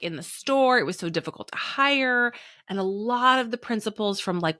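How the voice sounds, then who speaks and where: This clean, dry studio recording features a medium-pitched, bright, forceful female voice. The speaker, a Midwestern business owner in her thirties from Indiana, is a guest who tells stories in a chatty way, leaning heavily on "like" and performing quoted voices.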